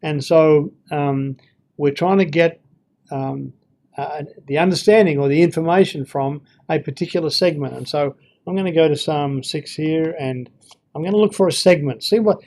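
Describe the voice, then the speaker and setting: A man's voice: a little high, moderate pace, darkish tone. A man giving an informal Bible lesson, thinking aloud with fillers and reading verses with feeling. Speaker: Bible teacher.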